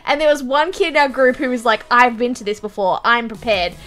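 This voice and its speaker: A young woman, telling stories and reacting on a stream in a giggly, animated way, swearing casually. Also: fairly high pitch, fairly quick.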